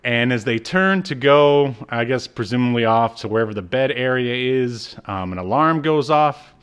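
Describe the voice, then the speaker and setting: A man's voice: mid-range voice, expressive, normal speed, fairly bright tone, clean tone. Male podcast co-host, clean resonant voice, amused storyteller who acts out the lines. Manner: laughs while retelling, acts out character lines. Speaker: podcast co-host recapping an episode. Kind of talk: casual chat.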